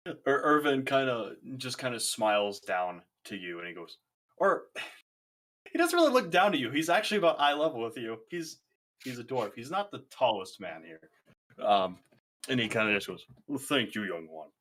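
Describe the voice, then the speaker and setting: A man's voice: medium pitch, big pitch swings, normal speed, a bit bright. A man running a tabletop game as game master, narrating in an easygoing way with frequent laughs and fillers.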